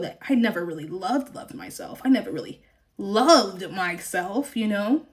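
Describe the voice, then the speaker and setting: Young woman vlogging, kinda high voice, blunt, swears a lot, laughs a bunch. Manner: candid and emphatic, swears, laughs often. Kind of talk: personal storytelling.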